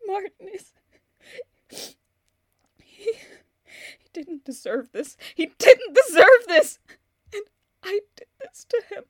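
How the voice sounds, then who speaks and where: A woman performs a heartbroken young woman in a radio drama, her very high voice cracking with tears. She talks slowly, halting and restarting her sentences, caught between grief and rage. The sound is close and dry. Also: fairly even intonation, warm tone, dry recording. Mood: grief-stricken. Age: young adult. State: tearful, voice breaking. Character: grieving young woman, distraught, bent on revenge. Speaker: voice actor. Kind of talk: audio drama monologue.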